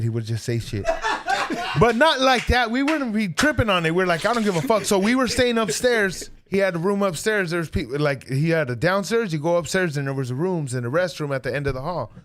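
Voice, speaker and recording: A man co-hosting a podcast in casual chat, excitable and slangy, swearing and calling people "fool" as he tells a story. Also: fairly high pitch. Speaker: podcast co-host.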